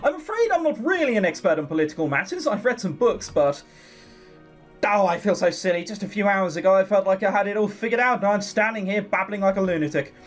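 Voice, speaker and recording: A man's voice: high voice, lively intonation, fast talker, faint music behind, pitched above the performer's own voice. A man reading the lines of a nervous young servant girl who babbles self-consciously. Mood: flustered.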